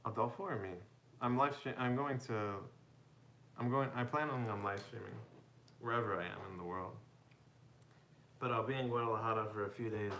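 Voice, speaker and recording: A man from the United States chatting casually as a live streamer, reading out viewer comments and answering them in a relaxed way, often laughing and calling people "bro" and "man". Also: lowish voice, a little hiss or hum. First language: bilingual with Spanish, parents from Mexico. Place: home room.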